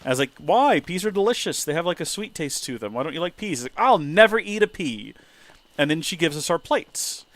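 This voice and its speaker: Animated man streaming a game. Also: a little fast, no echo. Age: 30s. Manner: animated, jumps into high exclaiming voices when excited. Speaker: let's play streamer. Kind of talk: casual gameplay commentary and storytelling.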